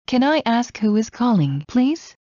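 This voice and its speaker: A woman reads short English practice phrases aloud for learners, one at a time with even pauses. Her voice is mellow and soft-edged. The recording is dry and slightly dull, with a lo-fi quality. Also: mid-range voice, dry recording. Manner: slow, evenly spaced phrase-by-phrase reading. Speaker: English teacher.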